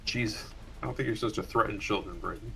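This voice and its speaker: Dry-humored young man, lower voice. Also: fast, creaky, sharp tone. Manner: dry, wry reactions. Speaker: co-host. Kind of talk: casual chat while gaming. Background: game music.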